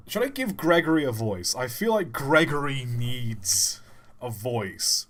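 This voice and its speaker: Man, game streamer, casual livestream chat, self-mocking, unhurried, animated. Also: medium pitch. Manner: self-mocking, chatty, trying out silly voices. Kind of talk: casual gameplay livestream commentary.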